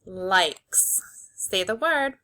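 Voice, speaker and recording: A woman teacher leading a phonics lesson for young children, slowly sounding out words and giving simple, encouraging instructions. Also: mid-range voice, animated, bright, forceful tone. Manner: slow, clearly segmented sounding-out of words.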